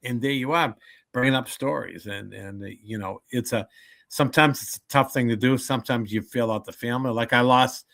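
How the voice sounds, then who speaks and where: A comedian being interviewed on a podcast, his voice bright and forceful. He tells his stories with animation and slips into voices for the people he quotes. Between the stories he stumbles and restarts his sentences as he thinks. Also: mid-range voice, a little fast, gravelly. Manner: animated storyteller who acts out quoted people; frequent restarts and stammers when thinking. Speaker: comedian and motivational speaker.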